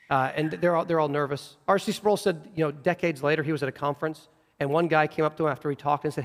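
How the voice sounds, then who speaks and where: A man's voice: high-pitched, long reverb tail. A man preaching a sermon in earnest, acting out quoted voices, with frequent restarts. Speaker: pastor. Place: church sanctuary.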